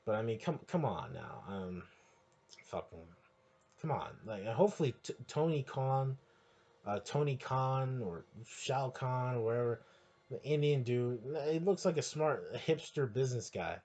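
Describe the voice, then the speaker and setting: A man hosting a podcast, ranting crudely and heatedly, rambling with restarts and sudden bursts of near-shouting. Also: mid-range voice, lively intonation, measured pace. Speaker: podcast host. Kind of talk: profane solo rant.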